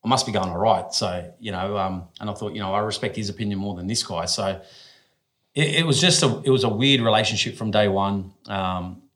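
A man's voice: lowish voice, fairly quick, fairly bright tone. A man in his forties with an Australian accent, a former athlete telling stories as a podcast guest in a blunt, casual way, swearing freely and often restarting his sentences.

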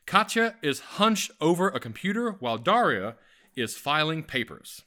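A man from Atlanta, hosting with lively, joking chat and reading stage directions. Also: on the high side, normal speed. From Atlanta, Georgia. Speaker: host.

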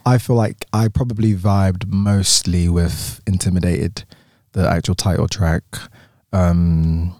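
A man co-hosting a podcast, easygoing and quick to laugh while chatting about music. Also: sits low, no echo, studio quality. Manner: easygoing, laughs often, lively intonation. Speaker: podcast co-host. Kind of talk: casual music chat.

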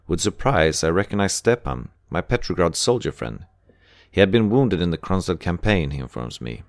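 A man narrates a memoir in a low, deep voice with measured, unhurried pacing. The sound is dry and close. It has no room echo. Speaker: audiobook narrator. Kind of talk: scripted narration.

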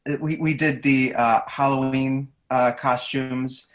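A man in his thirties, a podcast guest chatting casually in his early-morning voice, hesitant and quick to laugh. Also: mid-range voice, steady tone. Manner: hesitant, laughs often, many restarts. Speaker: podcast guest, trivia host. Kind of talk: casual chat.

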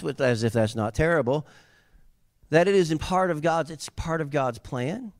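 Brief: male preacher, slightly high voice, animated sermon, dry close sound. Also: moderate pace, no echo. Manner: animated, swinging from soft asides to yelling. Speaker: pastor.

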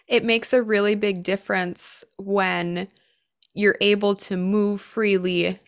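Host, woman, earnest and informative, mid pitch. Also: steady tone, takes it slowly, smooth. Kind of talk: explanatory interview talk.

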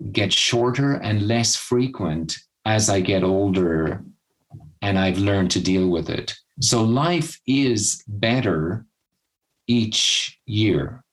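A man from Southern California speaking candidly as a guest, reflective and thoughtful. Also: low-quality recording. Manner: reflective, acts out his own past thoughts in a much higher voice. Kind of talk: candid personal conversation.

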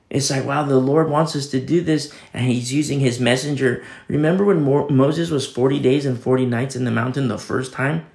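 A man delivering a sermon in a relaxed, conversational way, slipping into quick voices for the people he quotes. His voice has a gravelly, creaky texture. The room around him is echoey. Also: mid-range voice. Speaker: pastor.

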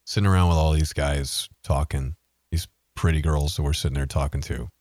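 A man's voice: very deep voice, steady tone, a little fast, a little mellow, no echo, studio quality. A man co-hosting a podcast in casual chat, ranting and swearing freely. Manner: profane, ranting. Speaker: podcast co-host.

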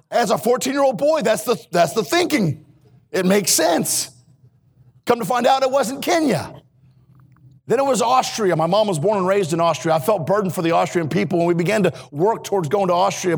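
A man preaching a sermon in a church as a missionary, earnest and swinging between hushed and emphatic delivery. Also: high-pitched, expressive, brisk, vocal fry, slightly rough. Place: church sanctuary.

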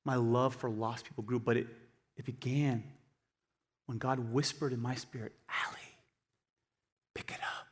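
A male pastor giving an animated sermon, swinging between quiet asides and loud emphatic bursts. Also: mid-range voice, moderate pace, pauses often, slightly rough. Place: church hall. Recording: long hall reverb.

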